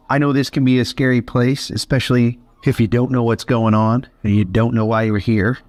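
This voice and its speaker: A man talks gently and patiently in a vlog, reassuring a frightened dog. His voice has a noise filter on it that gives it a slightly artificial sheen, and the sound is dry with no room around it. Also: mid-range voice, little pitch movement, a little fast, hardly any pauses, dry recording. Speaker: shelter dog volunteer.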